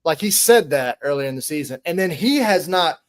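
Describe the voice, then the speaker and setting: Fast-talking rambling male co-host. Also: on the high side, animated. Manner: rambling, amused, lots of fillers. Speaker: podcast co-host. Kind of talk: casual recap chat.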